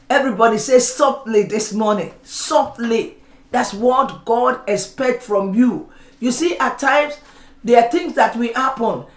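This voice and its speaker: A middle-aged woman pastor preaching a sermon, calling on the congregation to respond and acting out everyday examples. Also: fairly high pitch. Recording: roomy church sound.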